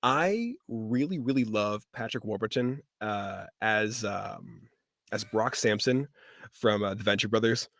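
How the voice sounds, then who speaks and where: Relaxed voice actor telling stories. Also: male voice, fairly low pitch, a little slow, creaky, dry recording, studio quality. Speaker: guest voice actor. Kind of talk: live-stream interview chat.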